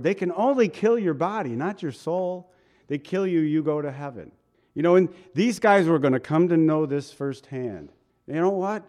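A man's voice: fairly high pitch, expressive, normal speed, a little mellow. A man preaching a sermon in a casual, folksy way, asking the listeners questions and laughing at himself now and then. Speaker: pastor.

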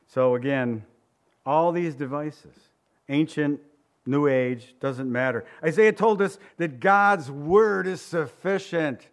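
A middle-aged man delivers a sermon like he's chatting with friends, telling funny stories that turn into lessons. His voice sits a little higher than most men's, and his delivery stays loose and conversational. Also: slow. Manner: conversational preaching with humorous anecdotes. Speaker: pastor.

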